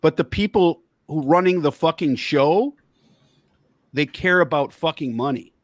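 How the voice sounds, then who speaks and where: A man's voice: a little high, unhurried, no echo, clean studio sound. A man hosting a podcast, angrily ranting about politics and swearing heavily. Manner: angry, heavy swearing, worked up. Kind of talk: profane political rant.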